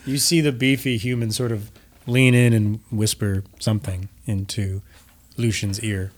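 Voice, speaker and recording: A man's voice: lowish voice, little pitch movement, a little slow. Man narrating as game master. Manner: descriptive, hesitant with small restarts.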